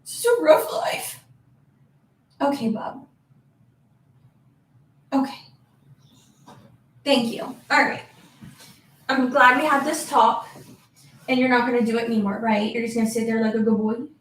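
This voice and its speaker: A woman's voice: a little high, flat delivery, a little slow, long pauses, fairly bright tone, reverberant. A woman vlogger chatting at home, talking to and playfully scolding her dog in a doting, exasperated way. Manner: playful baby-talk scolding of a pet. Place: apartment room.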